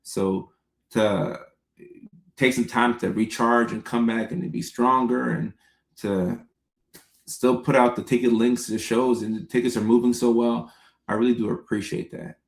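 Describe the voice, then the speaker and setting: A man hosting a casual livestream, answering viewers' comments by name in an unhurried, conversational way. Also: medium pitch, fairly even intonation, creaky, reverberant. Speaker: comedian and livestream host answering chat.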